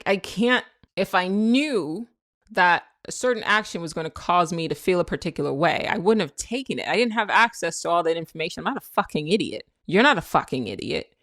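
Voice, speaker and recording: Blunt, low-voiced woman podcaster. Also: fairly bright tone, no room sound, clean studio sound. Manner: candid, blunt, swears freely, reflective; laughs easily at herself. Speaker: podcast host. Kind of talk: casual spiritual self-help monologue.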